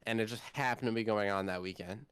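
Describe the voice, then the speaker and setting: A man's voice: lowish voice, fast talker, a bit bright, smooth, no room sound. A man of about twenty, co-hosting a casual podcast chat and telling a long, rambling story with lots of energy. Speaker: co-host.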